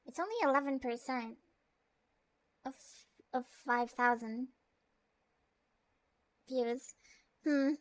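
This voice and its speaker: A woman's voice: sits high, fairly even intonation, takes it slowly, long pauses. A Canadian woman with a Canadian accent, chatting casually and playfully with her viewers on a live stream. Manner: playful and rambling, chats to viewers.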